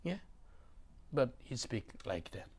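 A man preaching a sermon in a church hall, speaking non-native English with broken grammar. His voice sits at an everyday middle pitch. He is emphatic, repeats key words and draws answers from the congregation. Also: big pitch swings, slow, a little mellow, slightly rough. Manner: emphatic, repeats phrases, asks the congregation to respond.

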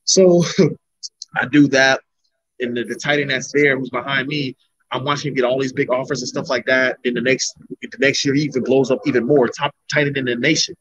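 A man's voice: mid-range voice, fairly even intonation, moderate pace, a bit bright, slightly rough. A young man from Florida, an MMA fighter telling his story in a rambling, casual interview. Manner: rambling, restarts sentences often. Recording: dull lo-fi recording.

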